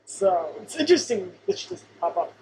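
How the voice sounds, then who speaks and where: A woman's voice: mid-range voice, sing-song, a little fast, darkish tone, a little hiss or hum, poor audio. A woman co-hosting a podcast, chatting casually and emphatically, often repeating her points. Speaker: podcast co-host. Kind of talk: casual chat about a sitcom episode.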